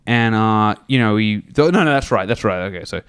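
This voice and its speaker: A man's voice: on the low side, brisk, fairly bright tone, clear, resonant tone. A man, drunk, rambling through crude jokes and stories on a comedy podcast. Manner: rambling, laughing, acts out voices in stories. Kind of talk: casual crude banter and joke telling.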